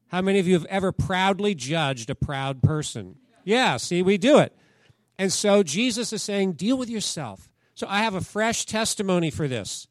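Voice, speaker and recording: In a clean, roomless studio recording, a high-pitched man preaches. This pastor's sermon unfolds like storytelling, with questions directed at the people in the pews.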